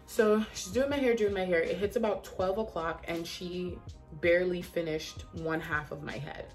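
A woman telling a story in a casual vlog, chatty and animated, leaning on "like" a lot. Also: on the low side, moderate pace, faint music behind. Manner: chatty, animated, heavy use of "like". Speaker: vlogger.

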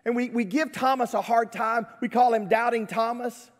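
A pastor delivers a conversational sermon in a high, light voice. He talks with his congregation and asks them questions. A long reverb trails his words from a church livestream. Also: steady tone, normal speed, few pauses. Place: church sanctuary.

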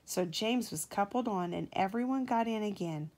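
A woman, a mother, reading a children's storybook aloud to her child in a gentle, measured way. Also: medium pitch.

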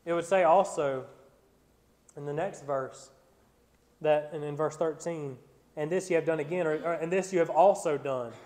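A man leads a Bible study as a sermon in a large church sanctuary with long reverb, his high-pitched voice a little mellow, earnest, and emphatic. He reads scripture slowly, then preaches with mounting emphasis, repeating words whenever he restarts.

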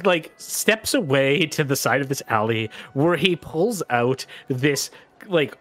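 A man's voice: a little high, fairly bright tone. A man narrating a tabletop game as game master, with loose, filler-heavy description and playful detail.

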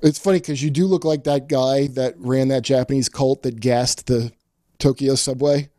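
A man's voice: mid-range voice, steady tone, moderate pace, warm tone, a little hiss or hum. A man hosting a podcast in casual chat, ranting his opinions with plenty of swearing. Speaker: podcast host, comedian.

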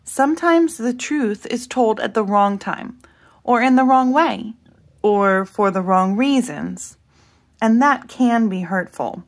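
A woman voicing a gentle, patient mother in a storybook, speaking softly and soothingly. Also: fairly high pitch, lively intonation, takes it slowly.

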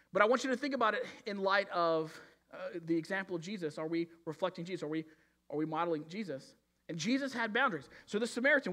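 A pastor with a high-sitting, somewhat bright voice preaches a sermon earnestly. He often repeats words and restarts, and he acts out the voices of those he quotes.

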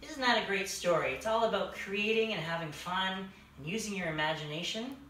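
A woman hosting a children's story time, reading a picture book aloud and then signing off cheerfully, expressive and animated. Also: mid-range voice, fairly quick. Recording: very echoey room, voice far from the mic, faint background hiss.

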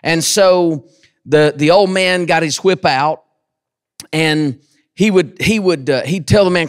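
Male pastor, high-pitched, dry close sound, storytelling sermon that climbs to shouts. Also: unhurried, dry recording. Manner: folksy storytelling, rising to shouted emphasis. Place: church.

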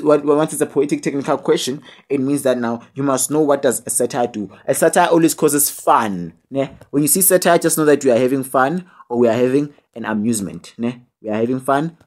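A young South African man tutors online, giving a casual video lesson on poetry packed with fillers and tag questions. His voice sits at a medium pitch, and he jokes with his students and scolds them.

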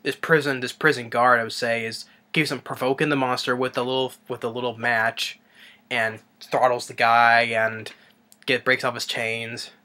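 A man's voice: mid-range voice, little pitch movement, normal speed, pushed and bright. A man casually recapping a movie in a rambling way, with lots of ums and restarts. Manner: rambling, with many fillers and restarts. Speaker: movie reviewer.

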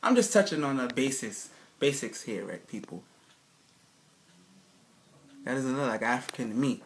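A man's voice: medium pitch, sing-song, normal speed, a little hiss or hum. Emphatic man lecturing with rhetorical questions. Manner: emphatic, keeps asking "right, people?"; rhetorical questioning, restarts mid-sentence. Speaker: presenter giving a slide lecture. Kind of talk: casual spoken lecture to viewers.

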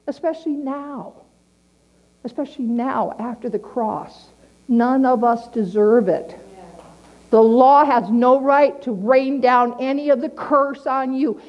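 Here a middle-aged woman delivers a sermon with plain earnestness, repeating important lines at a slow pace for emphasis. She has a high voice, and the audio sounds dull.

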